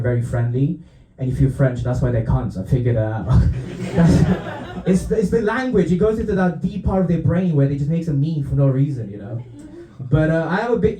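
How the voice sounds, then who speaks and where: A young man with a Romanian accent performs a laid-back, self-mocking stand-up set. His voice sits fairly high with a dark, mellow tone. He is heard in a roomy club from some distance off the mic. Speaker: stand-up comedian. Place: comedy club stage. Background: audience laughter.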